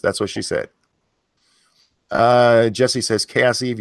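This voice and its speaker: A man's voice: mid-range voice, fairly even intonation, takes it slowly, creaky, dry recording, clean studio sound. A man hosting a live stream, talking in a blunt, profane, casual way and reading chat messages aloud. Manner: blunt and profane, many fillers and restarts. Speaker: host of a live stream show.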